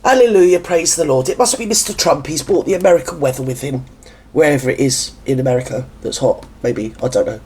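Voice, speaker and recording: Husky gossipy man hosting reactions. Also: mid-range voice, brisk, dark tone. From England. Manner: camp, gossipy, sarcastic asides. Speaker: reaction video host. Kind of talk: chatty commentary over a clip.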